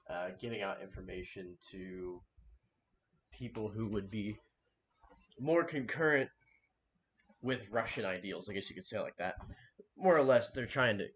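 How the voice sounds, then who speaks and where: A man talks through a live stream reaction in a loose, rambling way, full of fillers and self-corrections. His voice sits a little low. The mic sounds dull and lo-fi, with a faint hiss behind him. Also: moderate pace, pauses often, a bit bright. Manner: rambling, lots of fillers and restarts. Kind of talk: casual live-stream commentary.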